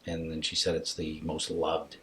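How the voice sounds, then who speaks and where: In a casual podcast interview, a guest with an extremely low voice tells a personal story at normal speed, his delivery completely flat. Still, he animatedly voices both sides of the dialogue and drops to a soft hush at the tender parts.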